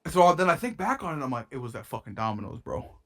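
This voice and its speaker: A man's voice: medium pitch, sing-song, fast talker, fairly bright tone. A young man co-hosting a podcast, telling a rambling story in casual chat with lots of swearing and slang, his nose a bit stuffy. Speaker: podcast co-host.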